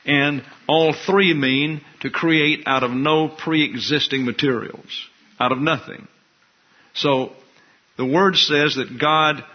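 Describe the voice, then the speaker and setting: An older man delivers a sermon in a husky, slightly breathy voice. He talks in a folksy way and teases people in the pews. The recording sounds a little dull and muffled. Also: on the high side. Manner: folksy, teasing asides to the congregation. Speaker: pastor.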